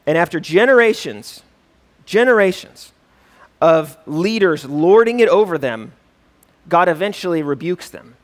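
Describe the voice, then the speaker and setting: A man's voice: fairly high pitch, animated, a little slow. A male pastor teaching a church class in a conversational way, often checking in with "right?" and reading scripture aloud with rising emphasis. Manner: conversational, keeps asking "right?".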